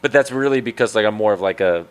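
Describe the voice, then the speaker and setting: A man who is a comedian guest, talking in casual chat, hesitant and soft-spoken, with many fillers. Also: on the low side, quick pace, clean tone.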